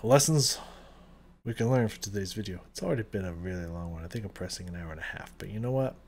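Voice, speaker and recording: A man giving casual reaction commentary, ranting and swearing, swinging between loud outbursts and low muttering, his voice strained. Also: animated, fast talker, slight background noise. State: voice strained, recovering. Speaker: video reactor.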